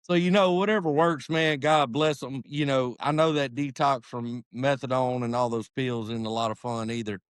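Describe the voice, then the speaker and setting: A man's voice: medium pitch, moderate pace, few pauses, smooth, no echo, studio quality. A man hosting a podcast, talking casually and rambling with lots of "you know.". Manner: rambling, relaxed, many fillers like "you know". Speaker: podcast host.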